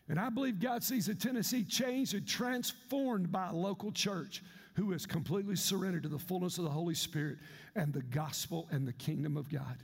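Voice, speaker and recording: A male pastor, preaching an animated, humorous sermon. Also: high voice, a little fast, creaky, husky, long reverb tail. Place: church sanctuary.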